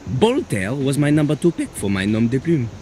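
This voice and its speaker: A man's voice: medium pitch, big pitch swings, moderate pace, mellow, a little hiss or hum, close to an everyday voice. An actor playing a boastful male French rapper who lives as a toilet, rhyming and bragging in a French accent. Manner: boastful, raps and beatboxes in rhyme.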